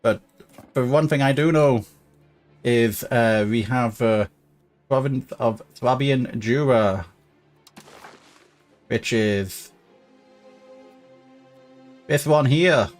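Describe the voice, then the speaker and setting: Man gaming commentator, mid pitch, musing aloud, soft music under him. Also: takes it slowly, pauses often. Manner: thinking aloud with fillers and restarts. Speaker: gaming YouTuber. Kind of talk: casual let's-play commentary.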